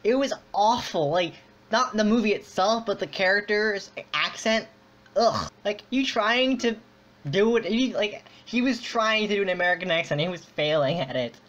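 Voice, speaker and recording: A man's voice: sits high, normal speed, fairly bright tone. A man hosting a casual online chat, rambling with lots of fillers and restarts. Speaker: podcast host. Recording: dull lo-fi audio.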